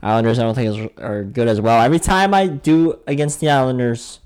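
A man's voice: mid-range voice, a little fast, a little mellow, smooth. A man hosting a podcast, chatting casually and joking about sports picks. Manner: chatty, joking, trails off mid-sentence. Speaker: podcast host. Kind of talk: casual sports betting chat.

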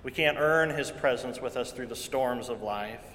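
Pastor in a long-echoing hall. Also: male voice, medium pitch, normal speed. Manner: earnest preaching with repeated phrases, swings from loud to hushed. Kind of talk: sermon.

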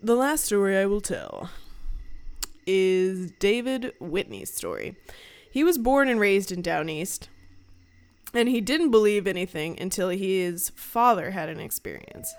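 A woman's voice: mid-range voice, sing-song, measured pace. A woman telling ghost stories in casual podcast chat, with frequent fillers and free swearing. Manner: chatty, swears freely, many fillers like "like".

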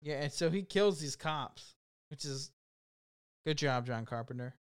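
Young male podcast co-host, slightly higher voice, smooth and clear, laughing through scene recaps. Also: measured pace. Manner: laughing, animated retelling of film scenes. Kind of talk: casual podcast chat.

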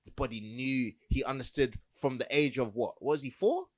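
A man's voice: medium pitch, fairly quick. A young man, co-hosting a casual podcast chat, enthusiastic and full of slang. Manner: enthusiastic, slangy, builds up scenes. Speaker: podcast co-host.

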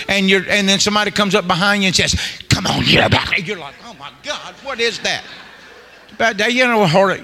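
Joking male preacher, high tense voice, colloquial storyteller delivering a sermon. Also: pushed and bright, big-room sound. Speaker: guest preacher. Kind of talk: humorous sermon.

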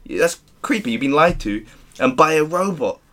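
A man co-hosting a casual podcast, rambling quickly and swearing freely. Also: on the high side, big pitch swings, fairly bright tone, slight background noise. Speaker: podcast co-host. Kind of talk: casual chat.

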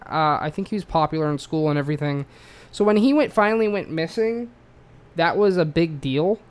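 A man's voice: on the high side, animated, a little fast, smooth. An Australian man telling a true-crime story in a loose, rambling way, full of swearing and fillers. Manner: rambling, profane, lots of fillers.

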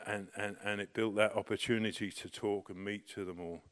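This middle-aged man tells his story with a slightly low voice. He talks casually, breaking off and restarting, and rises into lively bursts at the exciting moments. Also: a little fast. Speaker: storyteller recounting personal experience.

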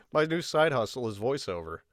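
Animated young man hosting a podcast. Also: a little high, no echo, studio quality. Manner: animated, laughing storyteller. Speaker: podcast host. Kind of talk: casual podcast chat.

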